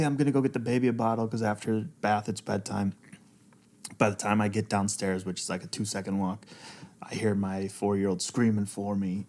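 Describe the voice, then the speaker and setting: Low-voiced man, emotional and close to tears. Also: darkish tone. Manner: raw, emotional, swears freely. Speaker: podcast guest. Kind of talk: candid conversation.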